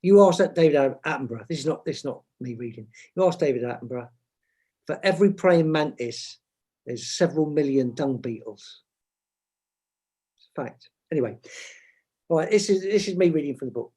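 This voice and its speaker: Husky, warm-toned man, self-mocking. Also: fairly high pitch, animated, brisk. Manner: self-mocking, rambling, jokey asides. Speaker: author and advertising creative, guest. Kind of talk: chatty interview and rehearsed book reading.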